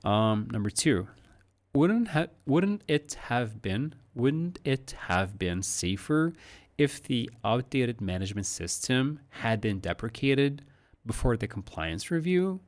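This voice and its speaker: A man teaching English pronunciation, repeating model sentences slowly in segments and explaining intonation in a casual, conversational way. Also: medium pitch, very animated. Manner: slow deliberate model sentences broken into segments, casual asides. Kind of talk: recorded one-on-one lesson with screen annotation.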